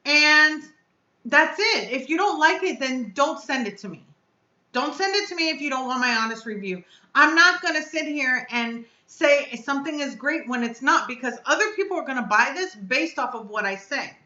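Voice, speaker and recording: A high, bright-voiced woman hosts her own live stream and vents bluntly, upset and cursing. The sound is dull and lo-fi, with an echoey room around her. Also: expressive, normal speed. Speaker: vape reviewer and channel host.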